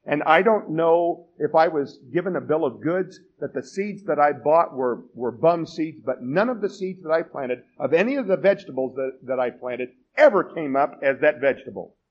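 A man's voice: on the high side, expressive, moderate pace, hardly any pauses, highs cut off. A man in his forties preaching a sermon as pastor, telling the story with self-deprecating humor.

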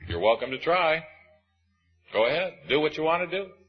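In this sermon, a man with a husky edge swings emphatically between loud and hushed, his pitch rising and falling in broad, animated arcs. He speaks at a moderate pace over faint background music on a dull, lo-fi recording.

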